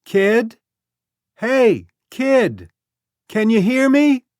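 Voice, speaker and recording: A man voicing a young woman who calls out loudly to a lost child. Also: very high voice, sing-song, drawn-out words, dry recording, studio quality, voice pushed up, exaggerated voice. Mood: calling. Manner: loud calling shouts. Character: young pregnant woman calling to a lost kid.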